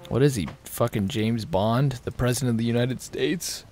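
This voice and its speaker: A man's voice: medium pitch, moderate pace. A man chatting casually and bluntly on a gaming stream, swearing freely, with game music playing behind him. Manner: blunt, profane, animated. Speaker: stream co-host. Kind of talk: casual chat while gaming.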